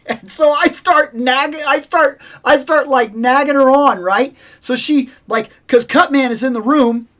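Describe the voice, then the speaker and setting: A woman hosting a toy collecting vlog, telling a lively, opinionated story about a video game and acting out its sounds. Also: sits high, a little slow. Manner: animated, acts out game sounds and voices; passionate, opinionated about games. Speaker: toy collecting channel host.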